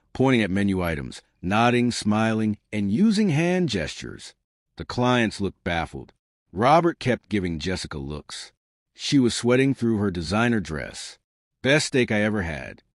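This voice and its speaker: A man narrating a scripted first-person story with wry, deadpan delivery. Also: lowish voice, normal speed, no echo, studio quality.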